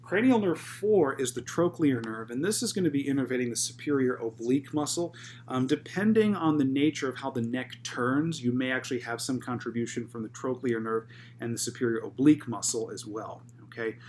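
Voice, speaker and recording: A man's voice: medium pitch, fairly quick, darkish tone, slight background noise. A man in a physical therapy lecture who walks through anatomy step by step, posing questions and answering them himself, often checking in with "okay?". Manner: methodical, asks rhetorical questions then answers, frequent "okay?" check-ins.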